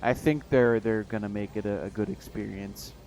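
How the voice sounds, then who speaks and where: A man's voice: on the low side, fairly even intonation, a little mellow, a little hiss or hum. A man chatting casually on a stream, rambling and swearing with frequent restarts. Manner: rambling, profane, halting restarts.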